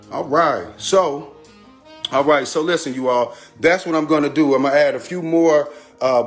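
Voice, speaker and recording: A man hosting a casual cooking livestream, greeting viewers by name in a chatty, repetitive way. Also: mid-range voice. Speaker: cooking channel host. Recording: faint background music. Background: background music.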